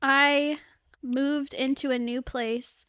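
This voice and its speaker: A young woman hosts a chatty podcast, her voice sitting high. She talks bluntly and swears freely. The sound is dry with no room around it. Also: level tone, slow pace, fairly bright tone, no echo. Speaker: podcast host. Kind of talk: casual chat.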